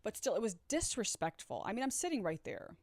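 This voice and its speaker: A woman's voice: mid-range voice, brisk, dry recording. Blunt woman telling a storytime vlog. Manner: blunt and candid, swears freely; animated, talks straight to viewers. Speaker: storyteller recounting a past relationship. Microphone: own microphone.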